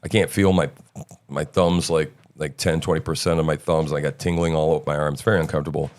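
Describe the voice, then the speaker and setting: A man's voice: very deep voice, steady tone, fairly quick, a little mellow. A middle-aged man hosting a casual live-stream chat, rambling loosely with many fillers and restarts. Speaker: show host.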